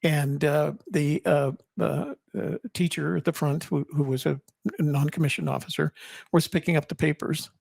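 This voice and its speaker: A man in his seventies telling a personal story in an interview, reflective, with halting restarts. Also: a little high, fairly even intonation, gravelly, a little mellow, no echo, studio quality. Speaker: guest, army veteran and co-author.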